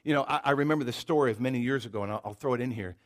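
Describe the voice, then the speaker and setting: A middle-aged man preaching a sermon as pastor, telling stories in an animated way and repeating words as he builds his point. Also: mid-range voice, very fast.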